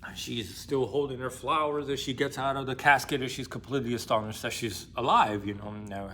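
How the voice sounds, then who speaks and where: A man retells a classic novel in loose, rambling, casual talk full of fillers and slang. His voice sits at a middle pitch, with a faint hiss of background noise behind it. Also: steady tone, brisk, sharp tone. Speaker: book discussion host.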